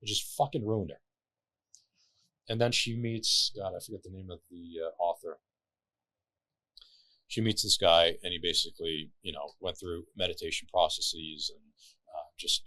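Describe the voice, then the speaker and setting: A man with a very deep voice talks as a podcast guest, telling stories with an animated, loose manner and casual swearing. His voice is recorded dry and close, with no room sound. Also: moderate pace, no echo. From Lebanon.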